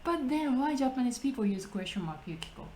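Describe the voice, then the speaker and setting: A woman hosting a casual language-practice chat, talking slowly, laughing often and restarting her phrases. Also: high voice, sing-song, a little mellow, slight background noise, poor audio. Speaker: English conversation partner and host.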